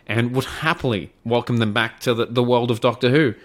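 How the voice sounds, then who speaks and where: A man's voice: medium pitch, fairly even intonation, fairly quick, fairly bright tone. Enthusiastic rambling male podcast co-host. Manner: rambling, filler-heavy, enthusiastic. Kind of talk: casual chat.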